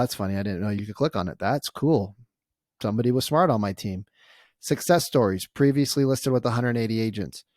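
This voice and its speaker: A man coaching real estate agents in a casual walkthrough, energetic and constantly tagging his points with "right?". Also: lowish voice, no room sound, clean studio sound. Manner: acts out client conversations in storytelling bursts.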